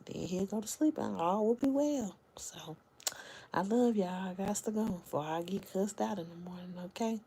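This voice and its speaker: Warm and husky at a medium pitch, she speaks at a moderate pace while livestreaming late at night from home on her phone. As host and reader, she keeps things chatty and slangy with her viewers, often lowering to a whisper.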